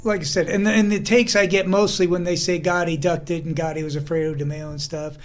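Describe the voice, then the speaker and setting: A man's voice: a little high, little pitch movement, fast talker, soft background music. Chatty rambling podcast man. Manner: rambling, storytelling, frequent "you know". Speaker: podcast co-host. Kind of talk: casual chat.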